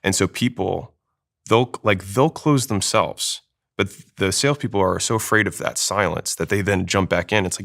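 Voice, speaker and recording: A man talking fast as a sales trainer, explaining with examples in an interview. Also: deep voice, creaky, fairly bright tone. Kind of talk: casual interview talk.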